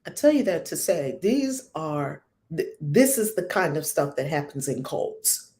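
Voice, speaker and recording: A woman's voice: low voice, very animated, measured pace, a little mellow. Emphatic woman spiritual teacher. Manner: emphatic and preachy, rhetorical questions.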